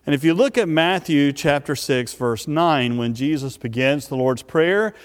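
A man preaching a sermon, speaking emphatically and repeating key words with drawn-out pauses. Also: fairly high pitch. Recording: long reverb of a large hall.

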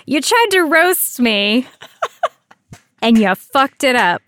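A woman's voice: high voice, big pitch swings, slow pace, a bit bright, no echo. A woman co-hosting a casual podcast, teasing her partner and laughing often. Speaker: podcast co-host.

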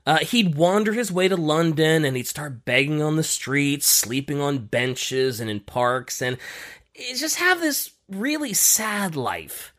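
Animated podcast storyteller, lots of ums. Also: male voice, a little high, unhurried. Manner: lively, animated storytelling with frequent fillers. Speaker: podcast host.

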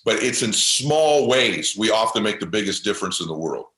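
A man's voice: fairly low pitch, expressive, normal speed, fairly bright tone. A man guest on a podcast, telling a heartfelt motivational story with intensity and passion. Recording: roomy echo.

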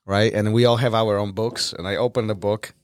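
A man from Poland, a podcast co-host, telling stories in a casual chat, animated and laughing often. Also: on the low side, fairly quick, dry recording, studio quality.

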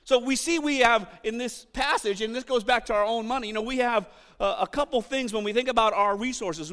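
A middle-aged man preaching a sermon, animated, acting out quotes and shouting for emphasis. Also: very high voice, fairly quick, clear, resonant tone, long reverb tail. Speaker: pastor.

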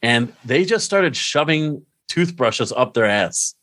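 Lively, chatty man podcast host. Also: medium pitch, takes it slowly, no room sound. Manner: chatty, laughing anecdotes. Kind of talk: casual podcast chat.

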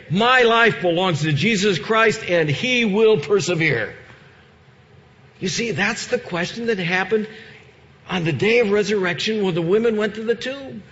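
A man's voice: high voice, bright, forceful tone. A man preaching a sermon as a pastor and closing in prayer, earnest and emphatic, repeating his phrases. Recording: long reverb, dull lo-fi sound.

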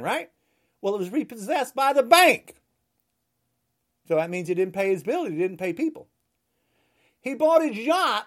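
Brief: heated woman ranting, high-pitched and swinging wildly, shouts now and then. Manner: angry, ranting, at times shouting. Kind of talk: political rant.

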